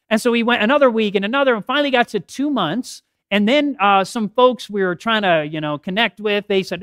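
A middle-aged man giving a health talk at a church podium, telling stories with lively acted quotes. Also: high-pitched, fast, hardly any pauses, no room sound, clean studio sound. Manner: animated storytelling with acted quotes. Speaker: health seminar speaker. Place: church hall. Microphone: podium mic.

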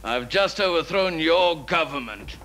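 A bossy small-town dictator. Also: male voice, fairly high pitch, lively intonation, unhurried, a bit bright, a little hiss or hum. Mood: commanding. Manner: commanding, barking orders, grandiose. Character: self-important small-town leader turned dictator.

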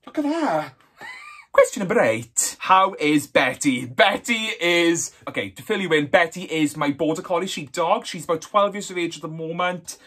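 A man's voice: a little high, moderate pace, few pauses, sharp tone. A Welsh man in his twenties, flamboyant and camp, answering viewer questions in a sassy, swear-heavy vlog. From Wales. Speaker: YouTuber. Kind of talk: casual Q&A vlog.

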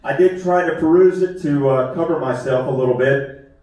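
A man's voice: a little high, normal speed, mellow. A man doing a self-deprecating, conversational stand-up comedy set on a theater stage. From West Virginia. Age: 50s. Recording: echoey theater from far off.

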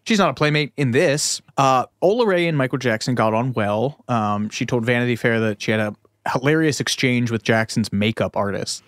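A man's voice: medium pitch, brisk, dry recording, clean studio sound. A man co-hosting a podcast, telling stories in a playful, casual way. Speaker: podcast co-host. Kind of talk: casual chat.

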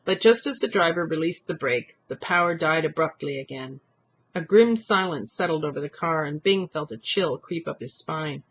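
Husky male reader narrating a storybook, somewhat muffled recording. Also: on the high side. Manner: expressive reading, voicing thoughts and characters. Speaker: audiobook reader.

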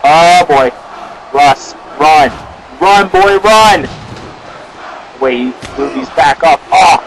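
Excitable young man calling wrestling. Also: fairly high pitch, very slow. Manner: excitable, often shouting exclamations. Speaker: wrestling commentator. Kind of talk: amateur play-by-play commentary. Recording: noisy amateur video with crowd.

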